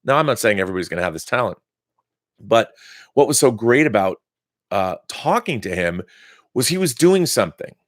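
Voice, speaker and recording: A man with a lowish voice hosts a casual live-stream monologue and wanders enthusiastically from one thought to the next. His sound is dry and close, with no room around it. He talks like an excited storyteller. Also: fairly quick, long pauses, no room sound.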